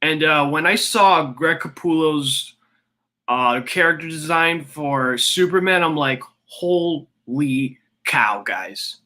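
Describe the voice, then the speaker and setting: Young male streamer, casual rambling chat, slow and bright. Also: a little high. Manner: chatty, rambling with many fillers.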